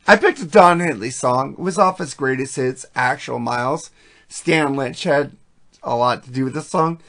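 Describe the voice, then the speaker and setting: A man's voice: mid-range voice, normal speed, fairly bright tone. A man hosting a podcast, talking about songs in a casual, profane and enthusiastic way that rambles. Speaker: podcast host. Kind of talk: casual music chat.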